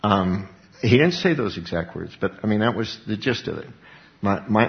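A man's voice: medium pitch, lively intonation, moderate pace, vocal fry. Emphatic male preacher, dull lo-fi recording. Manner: emphatic, asks rhetorical questions and repeats words. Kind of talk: sermon.

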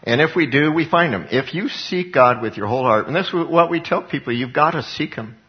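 A middle-aged man preaching a sermon, telling a personal story with lively swings up into high exclaimed passages. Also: fairly quick. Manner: animated storytelling, voice jumping high for acted quotes. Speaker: pastor. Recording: dull lo-fi recording.

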